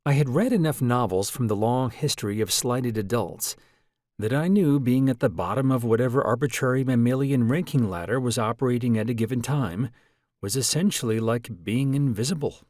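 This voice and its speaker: A man reading an audiobook in a measured, reflective first-person narration. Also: mid-range voice, a little mellow, no room sound, clean studio sound.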